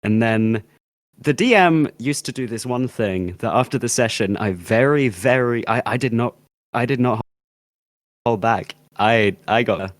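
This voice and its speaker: A man's voice: mid-range voice, a little slow, no echo. A man from Britain co-hosting a casual podcast, rambling and laughing often, with plenty of sarcasm. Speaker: podcast co-host. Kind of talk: casual chat.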